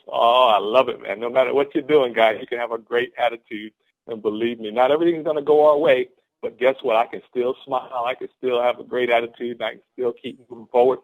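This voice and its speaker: A man's voice: mid-range voice, steady tone, fast talker. Hyped-up man on a phone call. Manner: exuberant, repetitive, laughs often. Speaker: guest speaker on a team conference call. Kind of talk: motivational pep talk. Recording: phone-line conference call.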